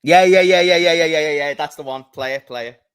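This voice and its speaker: A man with a Scouse accent, co-hosting a football stream and telling stories in relaxed chat. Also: fairly high pitch, fast talker, clear, resonant tone, no echo, studio quality. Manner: relaxed, chatty storytelling. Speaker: co-host. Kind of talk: casual chat.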